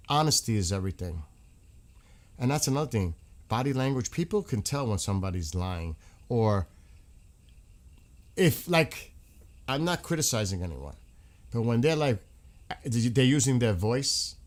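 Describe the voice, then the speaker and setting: A man hosting a casual livestream, rambling frankly and swearing freely. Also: mid-range voice. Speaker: livestream host.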